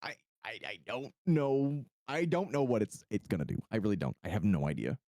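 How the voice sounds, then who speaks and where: A game master chatting casually at a home streaming setup before a tabletop session, animated and self-deprecating, repeating words while fiddling with the setup. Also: mid-range voice, a little fast, dry recording, studio quality. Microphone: streaming mic through a mixer.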